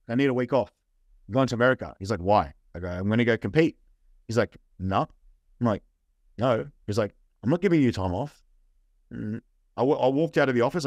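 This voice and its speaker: An Australian man, a young adult guest, telling lively anecdotes in casual chat, often tagging lines with "right?" and acting out what people said. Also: mid-range voice, dry recording. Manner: animated anecdotes with "right?" and "I'm like". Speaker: interview guest. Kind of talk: casual storytelling.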